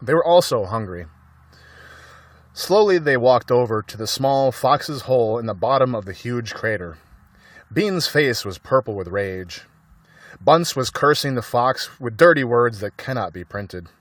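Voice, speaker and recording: A man reading a children's book aloud in an animated way, with light laughs. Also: medium pitch, measured pace, no echo. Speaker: narrator.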